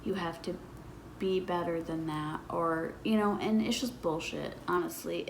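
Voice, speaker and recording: A woman's voice: lowish voice, fairly even intonation, a little slow, creaky, a little hiss or hum, rough recording. A woman in her twenties telling a personal story in a casual vlog, blunt and swearing freely. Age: 20s. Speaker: vlogger.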